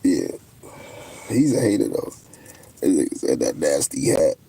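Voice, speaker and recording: A man's voice: very deep voice, very animated, unhurried, vocal fry, dark tone, slightly rough. A young man, hosting a casual livestream, answering viewers with brash, boastful trash talk. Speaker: livestream host.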